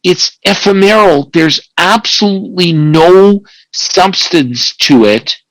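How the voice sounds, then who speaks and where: A family law attorney with a high-leaning, slightly bright voice gives an online slide presentation, acting out quoted dialogue and correcting himself mid-sentence. The audio is poor, though there's no echo.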